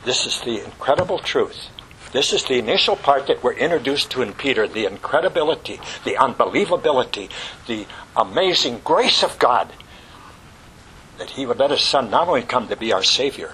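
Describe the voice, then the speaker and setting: Impassioned preacher man with a bright voice. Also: on the high side, sing-song, normal speed, slight background noise, rough recording. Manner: impassioned, swings from loud exclamations to hushed whispers; repetitive, rhetorical questions to the congregation. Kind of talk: sermon.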